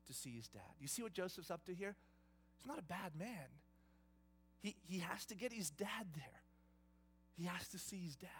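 A man preaching a sermon, retelling a story in a lively, conversational, dramatic way. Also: sits high. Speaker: pastor.

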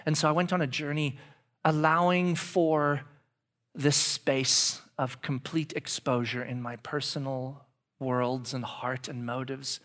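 A man's voice: mid-range voice, slow. Man in his forties preaching confessionally. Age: 40s. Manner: confessional, swings from hushed whispers to loud animated outbursts. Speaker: pastor. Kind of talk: sermon.

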